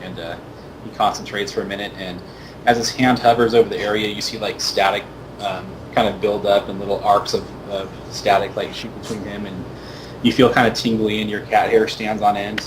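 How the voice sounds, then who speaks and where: A man narrating as game master of a tabletop game in a relaxed, casual way. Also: on the low side, moderate pace, background noise. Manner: relaxed, casual, lots of fillers.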